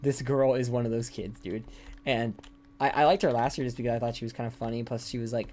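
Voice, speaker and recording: A young man casually chatting while playing a game on stream, rambling and swearing offhandedly, sometimes dropping his voice low. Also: steady tone, fast, a little mellow. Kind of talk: casual gameplay chat. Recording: clear background typing and clicks.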